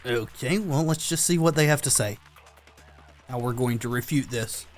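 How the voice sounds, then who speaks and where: A man giving casual let's-play commentary, excited and talking back to the characters on screen. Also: medium pitch, moderate pace, faint music behind. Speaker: gameplay commentator.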